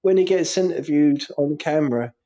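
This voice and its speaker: A man co-hosting a casual football podcast, telling animated stories with lots of laughter and swearing. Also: on the high side, moderate pace, dull audio. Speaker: podcast co-host; primary school teacher.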